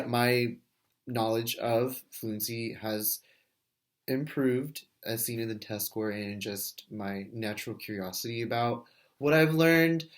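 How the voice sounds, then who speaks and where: A man's voice: medium pitch, a bit bright. A man in his twenties, a first grade teacher, talking through a class reflection in a casual, thinking-aloud way with fillers and restarts. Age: 20s. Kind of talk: recorded class discussion reflection.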